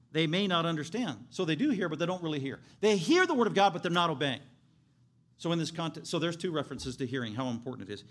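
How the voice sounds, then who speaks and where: Male pastor, sermon delivery, emphatic, slightly high pitch. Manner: emphatic preaching, shouts for emphasis.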